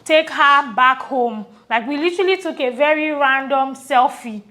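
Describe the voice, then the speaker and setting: A Nigerian woman co-hosting a podcast, telling a personal story in a reflective, earnest way that often trails off softly. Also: high-pitched, normal speed. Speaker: podcast co-host. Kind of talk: casual conversational storytelling.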